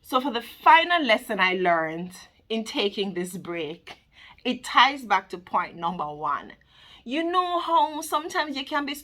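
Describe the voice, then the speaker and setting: Her voice sits a little high, bright and forceful, as this channel host addresses the camera directly. She delivers an earnest, preachy motivational message about faith, laughing frequently along the way.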